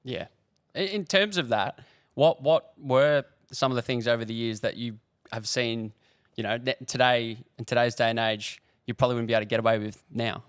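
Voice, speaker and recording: Halting co-host. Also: male voice, mid-range voice, clear, resonant tone, no room sound, studio quality. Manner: halting, stumbling questions. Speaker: podcast co-host. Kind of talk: casual interview hosting.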